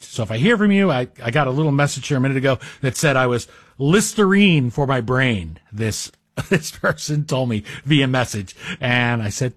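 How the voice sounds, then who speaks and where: Guest-hosting a talk radio show, a man delivers a rambling, self-deprecating, conversational monologue into a studio microphone. His mid-range voice is husky and the recording is dry.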